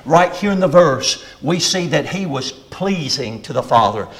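Middle-aged male preacher, high voice, fervent pulpit delivery. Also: expressive, unhurried, poor audio. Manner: fervent preaching, rising and shouting on key phrases. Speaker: pastor. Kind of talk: sermon.

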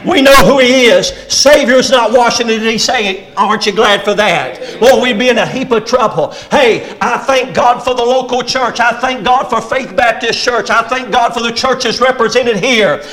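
Fervent high-voiced preacher man. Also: normal speed, few pauses, low-quality recording. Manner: fervent preaching, rising and shouting on key phrases. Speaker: pastor. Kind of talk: sermon.

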